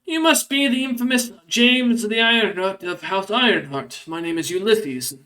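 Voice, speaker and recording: A smooth, friendly male winged elf adventurer who talks with easy courtesy and a gentle lift in his voice, put on by a man running the game. He stays even and agreeable throughout. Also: moderate pace. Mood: polite. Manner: courteous, easygoing, higher than his narration.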